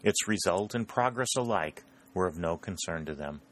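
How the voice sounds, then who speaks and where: A man narrating a novel as an audiobook, steady and measured. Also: deep voice.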